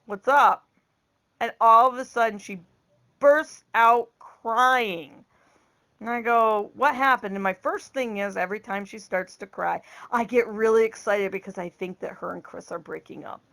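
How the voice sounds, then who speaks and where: A middle-aged woman with a fairly high voice talks to her vlog audience in a blunt, exasperated way. She takes her time, speaking slowly and without holding back. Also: gravelly, sharp tone. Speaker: vlogger. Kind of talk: casual storytelling vlog.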